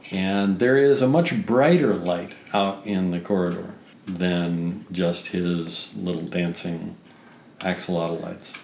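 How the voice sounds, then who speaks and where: A man narrating a tabletop game as game master, describing scenes slowly. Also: sits low, steady tone, creaky, darkish tone, slight background noise. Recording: roomy echo.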